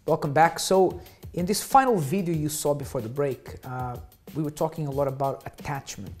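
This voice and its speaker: A man hosting a studio talk show, briskly leading into and out of breaks. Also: fairly high pitch, darkish tone, faint music behind.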